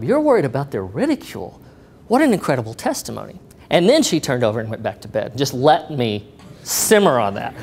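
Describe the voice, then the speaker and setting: A middle-aged man with a slightly higher voice tells a personal story to a live audience. His delivery is animated, and he acts out each person in the story with a voice of their own. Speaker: speaker sharing a testimony.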